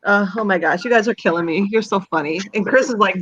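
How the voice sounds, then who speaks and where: A woman's voice: mid-range voice, fast, a bit bright, highs cut off. A woman hosting a casual chat, teasing her guests and cracking up often. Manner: laughs a lot, teasing.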